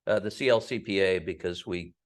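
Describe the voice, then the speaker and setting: A man's voice: deep voice, fairly quick. A man hosting an interview on a video call, chatty and joking as he tells stories. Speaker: host.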